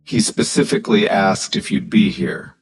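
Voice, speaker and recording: A man's voice: lowish voice, normal speed, background noise, natural voice. A man voicing an anxious old country doctor. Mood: grave. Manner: breathless, urgent.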